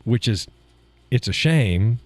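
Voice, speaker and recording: A man's voice: medium pitch, animated, takes it slowly, no echo. A man with a Texan accent hosting a live stream, chatting casually and chuckling between viewer comments. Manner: chuckling, drawling, trails off into mumbled asides.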